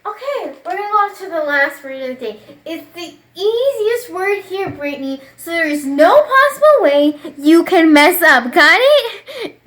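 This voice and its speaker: A young woman in a comedy sketch, playing a teacher who spells out words slowly with exaggerated patience. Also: very high-pitched, big pitch swings, a bit bright, echoey room. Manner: exaggerated, patient-then-exasperated teacher delivery, stretches out words.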